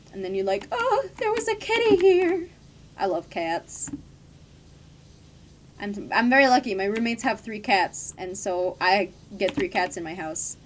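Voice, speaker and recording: A young woman chats through a game stream in a relaxed, rambling way, laughing often. Her voice sits at a middle pitch. Faint keyboard clicks are heard under her talk. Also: a little hiss or hum. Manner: chatty, laughs often, swears casually. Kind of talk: casual gaming stream chat.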